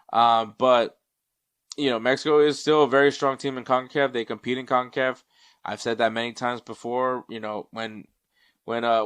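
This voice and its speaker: A man's voice: medium pitch, fairly bright tone, clear, resonant tone, dry recording, studio quality. A man hosting a casual sports podcast, rambling with many ums and restarts, sometimes turning away from the mic to check stats. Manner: checks stats mid-show, drifts off mic. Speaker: podcast host.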